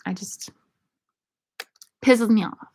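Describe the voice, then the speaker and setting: A woman's voice: mid-range voice, takes it slowly, darkish tone. A young woman in casual Q&A chat, answering viewer questions with irreverent, profane, laughing banter. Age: young adult.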